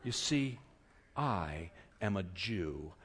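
A man doing a soft, halting young queen. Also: low voice, lively intonation, slightly rough, pitched below the performer's own voice, heavily acted. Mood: hesitant. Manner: soft, halting, full of hesitations. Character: hesitant, coaxing young queen.

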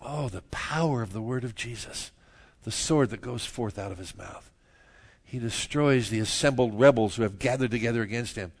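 A man preaching a sermon, moving from quiet, low stretches to loud, emphatic bursts and chuckling at his own jokes. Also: moderate pace, creaky. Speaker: pastor.

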